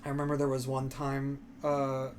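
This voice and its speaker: A man's voice: medium pitch, monotone, moderate pace, a little mellow, slight background noise. A young man chatting casually as a stream co-host, telling long rambling stories full of fillers and crude words. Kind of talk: casual chat.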